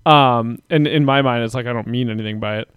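A man's voice: medium pitch, fast talker, a bit bright, clean tone, dry recording, studio quality. A man in his thirties, a father of young kids, rambling through a casual story with lots of swearing. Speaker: podcast co-host. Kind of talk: casual chat.

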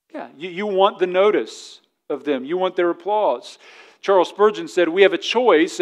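A male pastor preaching a sermon to a congregation, teasing them and reading scripture aloud in King James wording. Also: sits high. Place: church service before a congregation.

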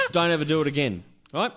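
A man's voice: on the high side, very noisy. An Australian man hosting a podcast in casual banter, rambling, swearing and laughing as he talks. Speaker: podcast host.

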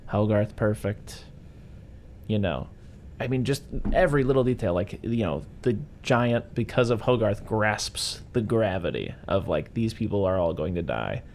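A man with a fairly low voice talks through a favorite film in a relaxed chat. He gets enthusiastic and jumps into little impressions of the characters as he retells scenes. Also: moderate pace, slight background noise. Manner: enthusiastic, acts out quotes in voices. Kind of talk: casual movie discussion.

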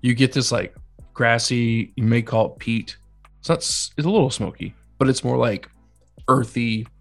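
A man's voice: mid-range voice, creaky, husky. A man co-hosting a casual whiskey-tasting podcast, describing flavors in a laid-back way. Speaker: podcast co-host.

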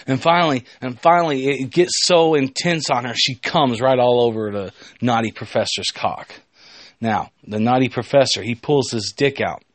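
A man's voice: mid-range voice, normal speed, dry recording. A man hosting a podcast, telling a story in a casual, rambling way with jokey asides. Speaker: podcast host.

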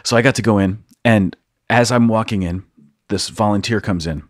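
Young east coast priest, lowish voice, dry close sound, animated storyteller who laughs a lot. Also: male voice, normal speed, dry recording. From United States, East Coast. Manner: animated storyteller, acts out quotes, laughs often. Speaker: priest and podcast host. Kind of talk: storytelling in casual conversation.

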